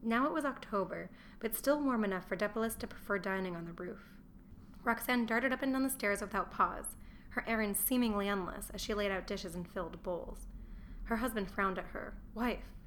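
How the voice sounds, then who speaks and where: A woman narrating a historical novel as an audiobook, in a steady, measured reading style. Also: mid-range voice, a little hiss or hum. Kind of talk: scripted narration.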